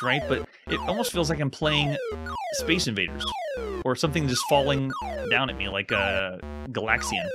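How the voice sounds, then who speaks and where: Male host, higher-set, very animated pitch; casual gameplay commentary, stumbles and restarts mid-sentence. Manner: rambling, restarts words often while playing. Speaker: host reviewing retro games.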